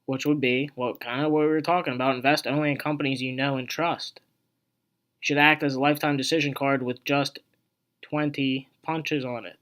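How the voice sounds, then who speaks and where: A man's voice: mid-range voice, level tone, normal speed, a bit bright. A young man hosting an investing video, casually explaining a stock chart in a rambling, conversational way full of asides and filler words.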